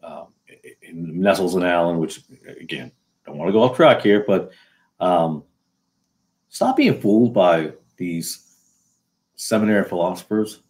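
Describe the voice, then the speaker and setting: Man, from New England, video host, sarcastic, rambling, filler-heavy, slightly low voice. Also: sing-song, a little slow, pauses often, a little mellow. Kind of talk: casual solo commentary.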